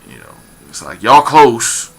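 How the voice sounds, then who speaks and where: A man's voice: medium pitch, very animated, a little slow, fairly bright tone. A man giving a rambling casual commentary, full of fillers and repeated phrases, turning emphatic as he goes. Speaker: vlogger.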